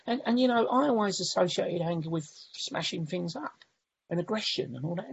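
A man's voice: high voice, animated, normal speed, gravelly, breathy edge, dull audio. A man sharing his recovery story at a meeting, rambling, with many restarts and "you know"s. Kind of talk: personal recovery share.

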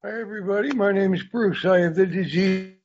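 Older man with a sore tongue, husky. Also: high voice, brisk, a little mellow, highs cut off. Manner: candid, rambling, self-deprecating storytelling. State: sore tongue, speaking carefully. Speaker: recovery meeting speaker. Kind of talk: personal recovery share.

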